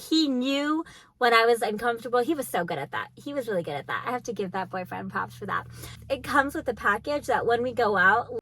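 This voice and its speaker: Bright, chatty young woman. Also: on the high side, no echo. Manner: chatty, giggly, heavy on "like". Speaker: vlogger. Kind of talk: casual storytime chat.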